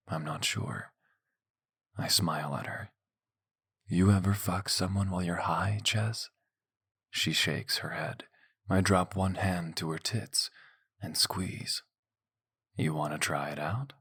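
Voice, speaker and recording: A man narrating a romance audiobook in the first person, with a steady, intimate reading. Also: low voice, no echo, studio quality.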